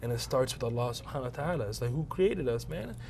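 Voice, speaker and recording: A male comedian answering interview questions, earnest and animated. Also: mid-range voice, quick pace, vocal fry, a little hiss or hum.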